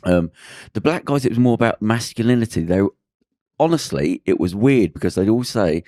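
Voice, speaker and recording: A man co-hosting a podcast, telling a story in a lively way and acting out the people in it. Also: on the low side, normal speed, dry recording, clean studio sound. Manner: lively, acts out the people in his stories. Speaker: podcast co-host. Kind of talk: casual storytelling anecdote.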